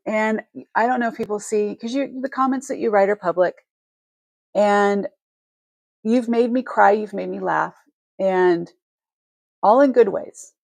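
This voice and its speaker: A woman hosts a live stream, talking straight to her viewers in a heartfelt, rambling way full of restarts. She sounds emotional and close to tears. Her voice is gravelly and mid-pitched, and the sound is dry and close. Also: darkish tone, dry recording. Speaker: host of a live jewelry selling stream.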